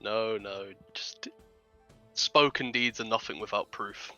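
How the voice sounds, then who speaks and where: A man's voice: lowish voice, steady tone, slow pace, sharp tone, soft background music, heavily acted. A man voicing a skeptical, dry-witted male adventurer in a tabletop game. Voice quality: dry, cutting.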